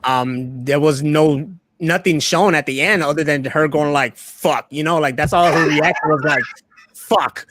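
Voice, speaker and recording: A man guesting on a casual livestream chat, excitable and freely swearing. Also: a little high, moderate pace, hardly any pauses, no room sound. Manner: excitable, profane.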